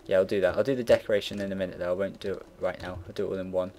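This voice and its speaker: A young man in his late teens talks very fast in a deep, dark voice with fairly even intonation, rambling casually and swearing as he narrates a computer build like gameplay commentary. Keyboard typing and mouse clicks sound in the background, along with a faint hiss or hum.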